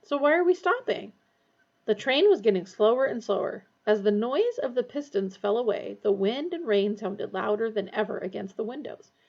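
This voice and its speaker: A woman reading a storybook aloud in a steady, expressive way. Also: mid-range voice, moderate pace, gravelly, hardly any pauses, muffled recording. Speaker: audiobook reader. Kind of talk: storybook narration.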